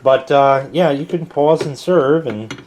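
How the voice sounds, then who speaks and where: A man's voice: fairly high pitch, a little slow, darkish tone. Regular American guy in his forties, rambling kitchen review, casual and a bit profane. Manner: rambling, casual, sometimes swearing. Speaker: product reviewer. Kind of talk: casual chat.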